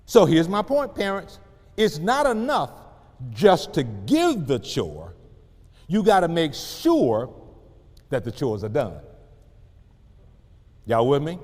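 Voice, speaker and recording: A man giving a humorous, preacher-like motivational talk to parents, calling out to the crowd. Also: fairly high pitch. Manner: humorous, animated, call-and-response. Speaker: parenting speaker at a family expo. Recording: reverberant hall.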